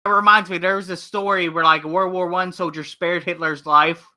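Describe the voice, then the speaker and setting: A man's voice: high-pitched, steady tone, fairly quick, bright, forceful tone. A man chatting on a casual podcast, rambling and swearing freely. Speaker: podcast co-host.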